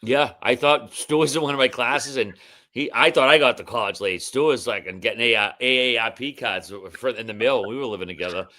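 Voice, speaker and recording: A man in his fifties with a Boston accent and a gravelly voice, a podcast guest in casual chat, joking and ribbing his hosts. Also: mid-range voice, brisk, bright, forceful tone. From Massachusetts. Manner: joking, self-deprecating, ball-busting banter.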